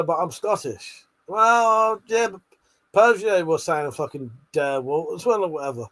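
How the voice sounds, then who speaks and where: A man's voice: on the high side, a bit bright. A man hosting a casual late-night livestream, reading out chat messages with lots of swearing, laughter and joking banter.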